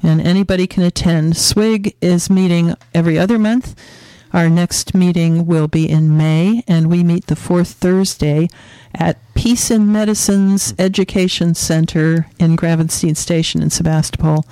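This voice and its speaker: Woman on a radio show giving details, plain and factual, warm smooth voice. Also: fairly low pitch, steady tone, unhurried, hardly any pauses, no echo. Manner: matter-of-fact, informative. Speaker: guest, water activist. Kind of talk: radio interview.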